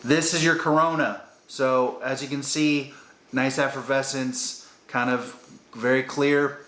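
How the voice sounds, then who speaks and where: Bright-voiced man reviewing beer. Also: mid-range voice, fairly even intonation, unhurried. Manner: chatty and rambling, upbeat. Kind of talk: casual beer-tasting review. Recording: roomy echo.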